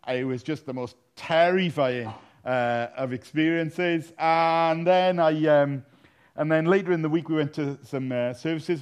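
A man's voice: on the high side, darkish tone. A man preaching a sermon, telling funny stories with a self-deprecating, anecdotal manner. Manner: humorous anecdotal, self-deprecating, laughs at own jokes. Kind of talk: sermon with storytelling.

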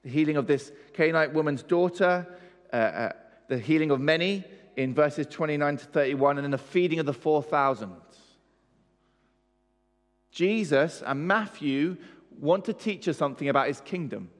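A man preaching with emphasis, pitched a little high and putting questions to his congregation. His voice rings with a long reverb in a church hall. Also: moderate pace. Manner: emphatic, asks the audience questions. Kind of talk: sermon.

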